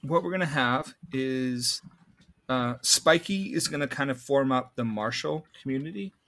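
Man, game master, tabletop narration, slow pace, lots of ums. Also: medium pitch, a bit bright. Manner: slow, halting, with many ums.

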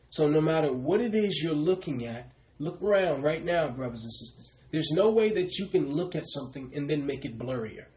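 A man's voice: on the high side, low-quality recording. A man preaching a sermon, repeatedly addressing his listeners as brothers and sisters and calling on a reader to repeat verses.

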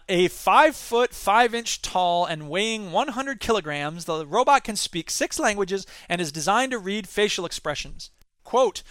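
Sarcastic male commentary host, high-pitched and crisp, dry close sound. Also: animated, measured pace, fairly bright tone, no room sound. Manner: sarcastic, rants and reads news aloud. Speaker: podcast host. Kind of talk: satirical news commentary.

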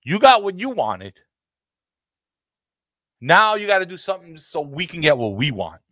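A man's voice: fairly high pitch, very animated, moderate pace, a bit bright, no echo, studio quality. A man hosting a casual football talk show, ranting passionately and swearing freely. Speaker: podcast host.

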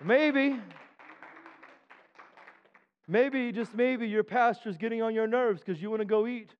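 High-voiced preacher, dull lo-fi. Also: male voice, slow pace, long pauses, smooth, in a large hall. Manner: calls for congregation responses, builds into loud chanted shouts. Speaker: pastor. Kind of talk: sermon. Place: church sanctuary.

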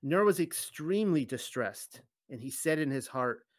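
A man's voice: fairly high pitch, animated, moderate pace, dry recording. A man reading a scripture passage aloud as a Bible teacher and breaking off into conversational comments. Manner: conversational asides between readings.

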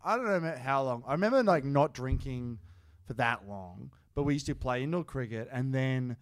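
A man's voice: medium pitch, lively intonation, normal speed, no echo, studio quality. A man co-hosting a casual podcast, swearing often as he tells a story. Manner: swears often, laughs while telling stories. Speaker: podcast co-host.

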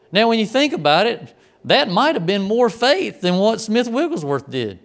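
A man preaches with a smooth, resonant, slightly high voice. He tells a story and acts out the quoted lines himself, swinging from loud commands down to quiet asides. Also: sing-song, moderate pace. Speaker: pastor. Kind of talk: sermon storytelling.

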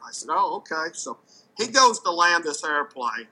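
Bright-voiced man telling an animated story. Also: fairly high pitch, normal speed, rough recording. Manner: animated, repeats words, acts out quoted voices. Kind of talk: casual storytelling.

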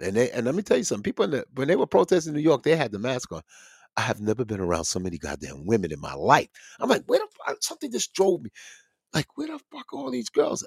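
Animated, profane man ranting on a podcast. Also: on the low side, no echo, clean studio sound. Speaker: podcast host. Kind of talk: casual profane commentary.

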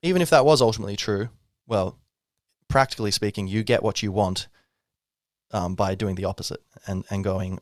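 A man hosting a podcast talks a little fast in a fairly low voice, musing casually on spiritual matters and tossing in wry asides. The recording is dry and studio-clean.

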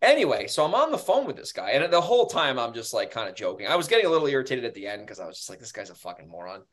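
A New York man co-hosts a podcast in a casual, animated storytelling style and swears freely. His voice sits at an average pitch. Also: rapid-fire. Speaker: podcast co-host.

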